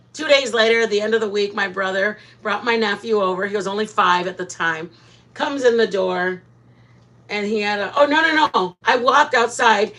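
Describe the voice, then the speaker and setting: A woman hosting a live stream, chatting casually with viewers and telling animated stories, often laughing. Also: a little high.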